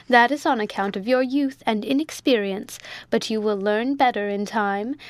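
A woman's voice: mid-range voice, dry recording, natural voice. A woman reading a story aloud, voicing a chatty, proud, weak-minded elderly widow in a prim, earnest, rambling way.

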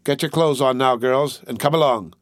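A man's voice: medium pitch, moderate pace, no room sound, clean studio sound, lightly acted. Man voicing a stern police officer. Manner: stern, ordering. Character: gruff male police officer, commanding.

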